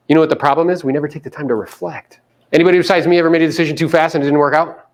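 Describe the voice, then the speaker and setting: A man coaching a live audience in a meeting room, animated and casual, sometimes coarse, often acting out other people's voices. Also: fairly high pitch, racing. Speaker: real estate coach. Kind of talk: live seminar talk to an audience.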